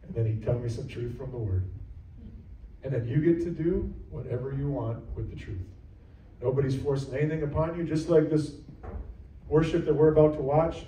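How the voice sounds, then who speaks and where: A man preaches a sermon as a pastor, earnest and repetitive in his emphasis. His voice is mellow and warm. He is picked up from some distance away, in a roomy church with echo. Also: mid-range voice, normal speed, a little hiss or hum. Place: church sanctuary.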